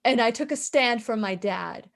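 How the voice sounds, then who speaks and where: A woman's voice: on the high side, expressive, moderate pace, creaky. A middle-aged woman hosting a radio interview, telling a personal story in an impassioned, emphatic way and often repeating her words. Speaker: radio show host.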